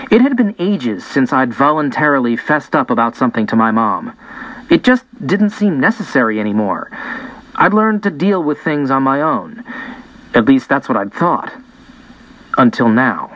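Lively male audiobook narrator, muffled sound. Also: medium pitch, unhurried. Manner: lively, expressive reading with voiced dialogue. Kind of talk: first-person audiobook narration.

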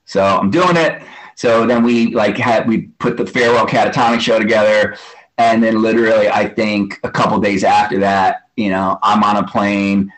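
Animated, rambling man telling stories. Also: on the low side, moderate pace, rough recording. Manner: animated, rambling, casual swearing, acts out quotes. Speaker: guest musician, drummer. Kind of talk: casual storytelling interview.

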